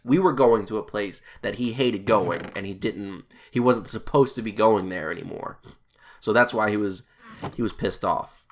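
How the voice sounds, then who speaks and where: A young gaming YouTuber plays a video game while telling a rambling, profane story in casual chat, swearing and tossing in laughing asides. His voice is on the low side with a fairly bright tone, and there's a little hiss or hum.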